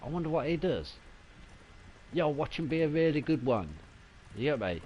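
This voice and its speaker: A man giving casual, excitable live commentary while streaming a video game. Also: on the high side, moderate pace, highs cut off, a little hiss or hum.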